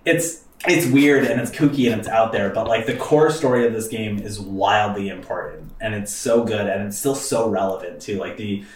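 A man's voice: lowish voice, normal speed, few pauses, reverberant, far from the mic. A man hosting a let's play, chatting casually with rambling fillers and swearing. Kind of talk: casual gaming commentary.

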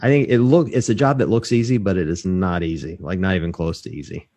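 A man with a lowish voice hosts a relaxed podcast chat over a video call. He rambles through long, self-deprecating stories and chuckles along the way. He is from Mississippi. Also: fast talker. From Mississippi, USA. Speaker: podcast host. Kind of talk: casual interview chat.

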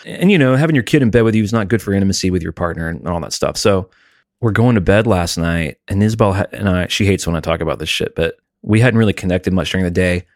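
A man with a very low, deep voice chats casually on a podcast, open and emotional as he tells stories about his family. He is recorded close and dry, with no room sound at all. He sounds like he is in his forties. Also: fast, no room sound. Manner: candid, emotional storytelling. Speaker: podcast co-host. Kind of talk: casual chat.

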